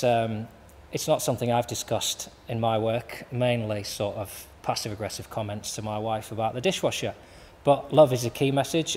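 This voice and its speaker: A man hosting a charity fundraiser stream, introducing acts in a dry, self-deprecating way with halting uhs. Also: medium pitch, a little mellow. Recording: reverberant room with faint background noise.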